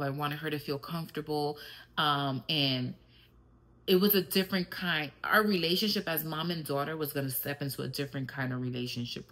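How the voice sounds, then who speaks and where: Woman, middle-aged, low-pitched, podcast host, candid storytelling, casual monologue, reflective. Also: sharp tone, rough recording. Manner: switches briefly into Spanish.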